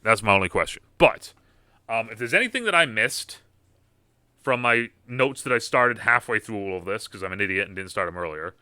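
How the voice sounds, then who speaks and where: A man's voice: fairly low pitch, a little fast, sharp tone, smooth, no echo. A young man in casual reaction commentary as a gaming video host, rambling with fillers and restarts. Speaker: gaming YouTuber reacting to a game panel.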